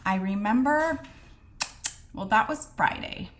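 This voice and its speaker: Brief: middle-aged woman, candid vlogger, mid-pitched, animated retelling with quoted back-and-forth. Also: takes it slowly. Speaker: midwife sharing her diagnosis story. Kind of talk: casual storytelling to camera.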